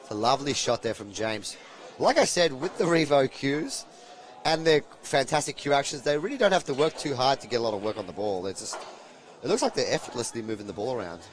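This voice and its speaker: A man commentates a live pool match. He rambles and jokes, padding his talk with ums and uhs. His voice sits at an ordinary middle pitch. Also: animated, brisk, slight background noise. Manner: chatty, rambling, jokey, with fillers.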